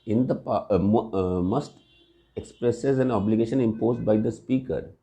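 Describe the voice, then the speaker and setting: A man's voice: on the low side, moderate pace, warm tone. A man teaching English grammar in a recorded lesson, explaining patiently with examples and often checking with "right?".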